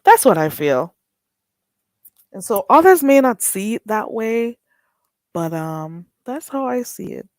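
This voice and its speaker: A woman hosts a casual live-stream chat at an unhurried pace. She talks in a chatty, meandering way with drawn-out exclamations. Her voice is close and dry, with no room echo. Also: fairly high pitch, sing-song. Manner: chatty, drawn-out "ooh"s and frequent laughter.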